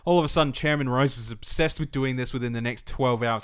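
A man co-hosting a gaming podcast in loose, casual chat. His voice sits at an ordinary middle pitch. He talks with energy, swears freely and slips into mock voices to make his point. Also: quick pace, clean tone. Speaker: podcast co-host.

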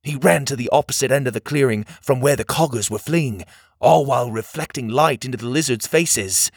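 A man narrating a children's adventure story in an expressive storytelling manner. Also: mid-range voice, brisk, breathy edge, dry recording, clean studio sound.

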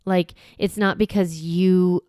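Woman in her thirties, solo podcast host. Conversational and encouraging, with a smooth, resonant voice. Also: lowish voice, steady tone, slow pace, mellow, no room sound, studio quality. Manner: conversational, encouraging, acts out inner thoughts.

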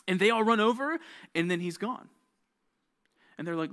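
A young youth pastor preaches to teenagers in a casual, conversational way. He tells stories with lively energy and acts out the characters' lines. His voice sits a little on the high side. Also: fast talker. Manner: conversational, animated storytelling with quoted voices. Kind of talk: youth sermon.

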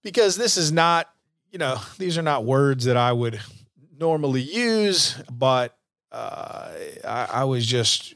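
A man's voice: medium pitch, fairly bright tone, dry recording, studio quality. A middle-aged man hosting a podcast, telling a personal story in a casual, earnest way with many fillers. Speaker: podcast host.

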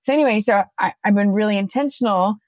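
A woman co-hosting a podcast, chatting casually and telling a lively story, acting out her own quotes. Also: medium pitch, quick pace, no room sound. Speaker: podcast co-host.

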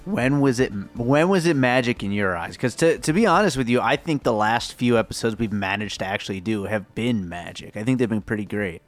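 A man's voice: mid-range voice, animated, brisk, hardly any pauses, soft background music. A man co-hosting a podcast in a laid-back, joking casual chat. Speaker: podcast co-host.

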